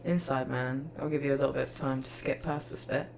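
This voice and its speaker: A woman, co-hosting a podcast in a casual, animated chat full of storytelling and laughter. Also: rumbling low, a little fast, gravelly, a little hiss or hum. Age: 30s. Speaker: podcast co-host.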